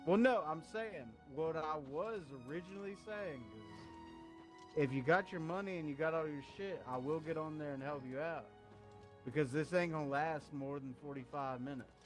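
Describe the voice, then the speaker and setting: Brash high-voiced trash-talking man. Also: moderate pace, faint music behind. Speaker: streamer. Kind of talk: casual chat.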